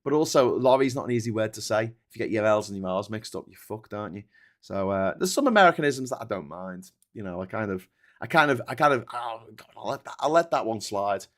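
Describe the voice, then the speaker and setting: A man's voice: on the low side, animated, a little fast. A man hosting a livestream, chatting casually and reading out viewer comments in a rambling, sweary way, often laughing at his own jokes. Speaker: livestream host.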